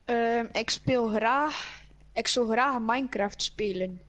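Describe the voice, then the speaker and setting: Higher-pitched woman, slow and patient. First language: Dutch. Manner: patient, corrects and repeats phrases. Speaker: gamer teaching the host phrases. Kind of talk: casual gaming chat.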